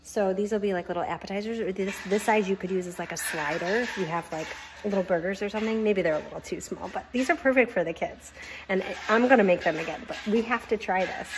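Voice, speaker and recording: A woman chats her way through a kitchen vlog, gushing over her food. Her talk is loose and excitable, with plenty of fillers and restarts. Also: mid-range voice, quick pace, background noise. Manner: chatty and gushing, with many fillers. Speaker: home cooking vlogger.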